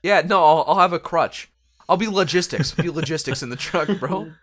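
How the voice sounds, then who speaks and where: A man's voice: a little high, moderate pace, fairly bright tone. A young man hosting a casual podcast chat with friends, loose and joking and swearing freely. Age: young adult. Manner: loose, laughing, swears a lot. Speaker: podcast host.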